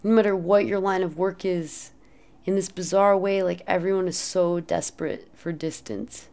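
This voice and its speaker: A person musing candidly in an interview with quick asides. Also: medium pitch, steady tone, vocal fry, a little mellow.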